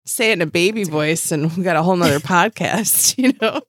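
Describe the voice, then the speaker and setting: A woman's voice: on the low side, fairly quick, no echo, clean studio sound. A woman co-hosting a podcast, chatting animatedly and swearing, often trailing off mid-thought. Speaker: podcast co-host. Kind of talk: casual chat recapping a reality show.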